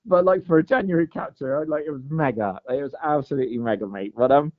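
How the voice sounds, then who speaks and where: A podcast guest with a fast, high-leaning voice tells a long fishing story in casual chat. He's an animated storyteller who constantly says "mate" and "like," and the recording has a dull, lo-fi podcast quality.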